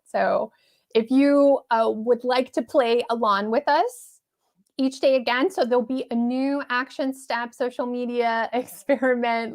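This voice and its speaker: A woman's voice: fairly high pitch, gravelly. A woman hosting a casual live-streamed pep talk, chatty and upbeat, laughing often and reading viewer comments aloud.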